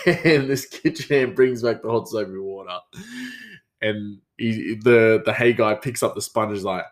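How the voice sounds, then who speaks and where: A man's voice: fairly low pitch, normal speed. A man hosting a podcast, telling work stories in a rambling, casual way with many restarts. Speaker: podcast host. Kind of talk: casual storytelling monologue.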